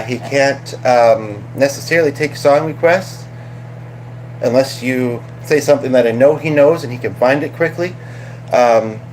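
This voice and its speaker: A man's voice: mid-range voice, darkish tone, a little hiss or hum. A man from Canada hosting a casual livestream chat, playful and chatty, slipping into little sung bits. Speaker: livestream host.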